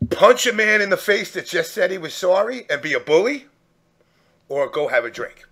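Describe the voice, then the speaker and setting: A man telling a profane, animated story in casual chat, acting out the people he quotes. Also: high voice, normal speed.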